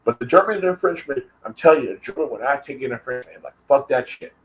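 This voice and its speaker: With a medium-pitched, expressive voice at a quick pace, an American man fires off a profane, angry vlog rant, directly calling out and taunting his target in a confrontational manner. The recording is rough.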